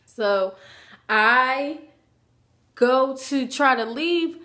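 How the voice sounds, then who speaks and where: A woman with a slightly high voice recounts a story straight to her camera. She talks casually and animatedly, slipping into the voices of the people she describes. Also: drawn-out words. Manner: animated, acts out quoted voices, chatty asides. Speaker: vlogger.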